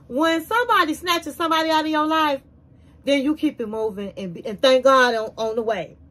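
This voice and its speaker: High-voiced woman recapping a reality show. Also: moderate pace, poor audio. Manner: animated storytelling, conversational and opinionated. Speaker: YouTube reality-TV reviewer. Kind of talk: casual episode recap commentary.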